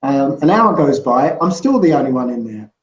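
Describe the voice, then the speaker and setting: A man's voice: mid-range voice, sing-song, normal speed. A man talking as a guest in a casual interview, rambling and checking in with "you know" and "right?" as he explains. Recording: roomy, muffled lo-fi sound.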